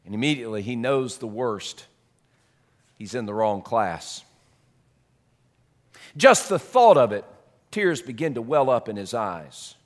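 A man preaching a sermon as a story, dramatic, swinging between loud and soft. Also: mid-range voice, expressive, measured pace, long pauses. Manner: dramatic, shifts loud and soft, repeats words.

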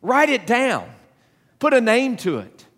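A middle-aged man preaches a sermon in an earnest, halting way, restarting his phrases and putting questions to the listeners. His voice sits high for a man. A long reverb from the hall trails each phrase. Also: huge pitch swings, fairly bright tone. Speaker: pastor.

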